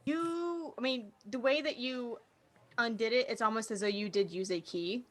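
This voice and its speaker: A woman game master narrating a tabletop vampire game, describing scenes in a relaxed, casual way and swearing now and then. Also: fairly high pitch, normal speed.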